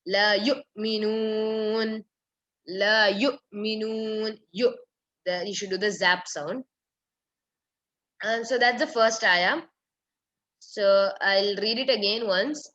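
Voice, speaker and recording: A woman teaching a live online recitation lesson, repeating words slowly and correcting pronunciation step by step. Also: medium pitch, a bit bright. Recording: dull lo-fi stream audio.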